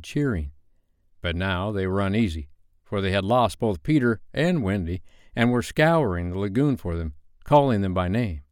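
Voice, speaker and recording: Close, dry audio captures a man gently reading a bedtime story at a measured pace. His voice is smooth and lowish, and he shapes every sentence carefully.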